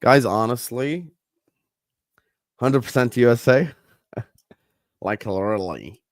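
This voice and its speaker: A man's voice: medium pitch, lively intonation, slow, dry recording, clean studio sound. A non-native English-speaking man hosting a live stream, chatting loosely and answering viewers' messages as they come in. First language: not English. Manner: chatty, rambling, reads and answers live chat. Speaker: livestream host. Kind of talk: casual live-stream chat.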